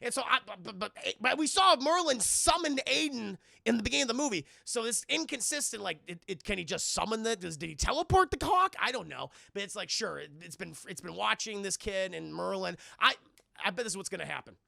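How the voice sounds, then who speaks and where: A man's voice: high voice, animated, a little fast, creaky, bright, forceful tone, dry recording, studio quality. A young man streaming a profane, rambling movie recap, constantly talking to his chat.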